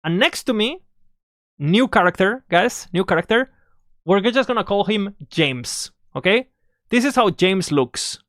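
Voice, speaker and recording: A storytime vlogger at medium pitch who swears freely and keeps breaking off to speak straight to the viewers. The telling is loose and animated. The sound is dry and close, with no room echo. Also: a little slow. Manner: animated, swearing, self-interrupting with asides to viewers. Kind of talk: casual storytime.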